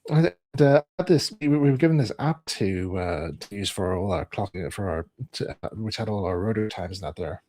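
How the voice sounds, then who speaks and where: A man's voice: on the low side, moderate pace, hardly any pauses, mellow, no room sound. A man streaming, telling a rambling personal anecdote and acting out other people's lines in a raised voice.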